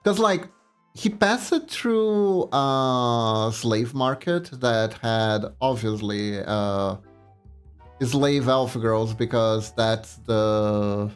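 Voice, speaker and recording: Slow, rambling male streamer. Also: mid-range voice, clear, resonant tone, soft background music. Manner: rambling, animated storytelling. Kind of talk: casual livestream chat.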